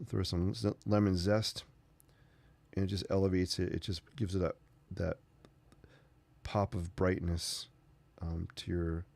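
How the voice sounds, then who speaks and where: A man's voice: deep voice, gravelly, a little mellow, no room sound. A man hosting a casual painting tutorial, rambling through chatty asides as he works. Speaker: sketching channel host.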